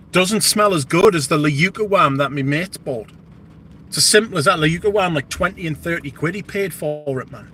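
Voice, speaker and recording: A man's voice: a little high, sharp tone, slight background noise. A British man hosting a livestream, chatting casually and rambling with plenty of swearing. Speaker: livestream host. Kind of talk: casual live chat.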